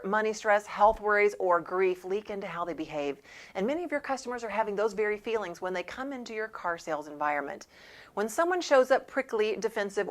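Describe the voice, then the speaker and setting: Punchy woman sales coach. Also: mid-range voice. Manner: emphatic, punchy coaching delivery. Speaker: sales trainer and show host. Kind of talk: scripted sales training talk.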